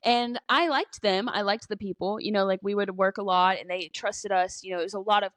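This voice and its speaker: A woman's voice: mid-range voice, brisk, dry recording. Young woman, chatty, storytelling podcast co-host, dry close sound. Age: 20s. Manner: chatty storytelling full of "like" and "you know"; lively, swears casually. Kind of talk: casual chat.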